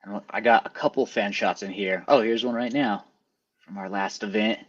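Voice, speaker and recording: A man with a lowish voice chatting casually, getting animated as he tells stories from the crowd. The sound is a little dull and muffled, close and dry. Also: moderate pace, no echo. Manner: animated storyteller, jumps into quoted voices. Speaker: event photographer and stand-up comic. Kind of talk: casual chat.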